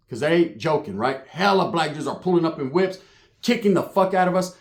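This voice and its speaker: A man from Northern California spins a profane, comic tale in loose slang, punching it up with sound effects. His voice sits high and swings widely in pitch. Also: animated, a little fast. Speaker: storyteller. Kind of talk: profane comedic storytelling.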